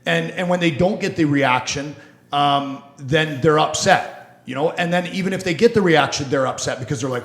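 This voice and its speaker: A man's voice: on the high side, moderate pace, a bit bright. Blunt, swearing man in an echoey room. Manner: blunt, swears freely, mocks people in voices. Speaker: podcast host, lawyer. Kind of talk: casual sports and law talk.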